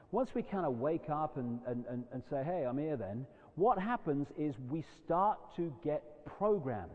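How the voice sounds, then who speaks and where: Male lecturer, animated and emphatic, mid-high voice, dull lo-fi hall recording with long echo. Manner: animated and emphatic, jumping between loud outbursts and quiet asides. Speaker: public speaker. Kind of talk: live lecture to an audience.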